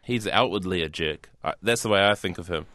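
A man in his thirties with a New Zealand accent, giving an interview in a dry, hesitant way with soft laughs. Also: low voice, brisk. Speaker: guest actor and comedian. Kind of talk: interview conversation.

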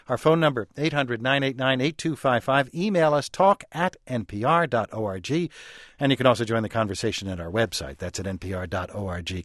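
A man at mid pitch hosting a call-in radio show, easygoing and conversational as he moves between callers and guest. The sound is close and dry, with no room around it. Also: a bit bright, no room sound. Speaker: radio talk show host.

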